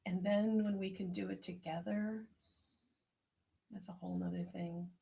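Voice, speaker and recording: A woman herbalist hosting an online tea circle, speaking in a gentle, unhurried, prayerful way as she reflects and reads out messages. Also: mid-range voice, fairly even intonation, vocal fry. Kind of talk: reflective spoken meditation and chat reading.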